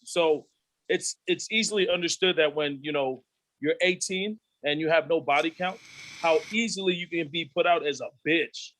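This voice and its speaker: A man in his thirties, a podcast guest, telling candid stories in a profane, animated way and acting out the voices of his friends. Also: fairly high pitch, moderate pace, low-quality recording. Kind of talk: candid storytelling.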